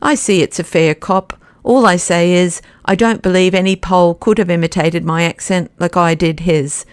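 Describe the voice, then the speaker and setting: A woman's voice: lowish voice, steady tone, normal speed, clean tone, dry recording, natural voice. A woman doing a cheeky Cockney detective. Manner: chirpy, offhand. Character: cool, cheeky male detective unmasked.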